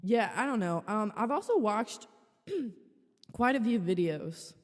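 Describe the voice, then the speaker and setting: A woman's voice: mid-range voice, lively intonation, unhurried, long reverb tail. A woman hosting a podcast, telling a story in a casual, rambling way that is frank and full of swearing. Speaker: podcast host.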